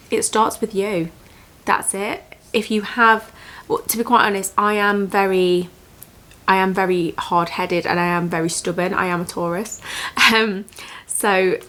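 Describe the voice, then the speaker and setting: In this storytime vlog, a woman in her 20s addresses the camera with a mid-range, fairly bright voice. Reflective and earnest, she stops and restarts while recounting emotional memories, before shifting to a heartfelt, motivational tone.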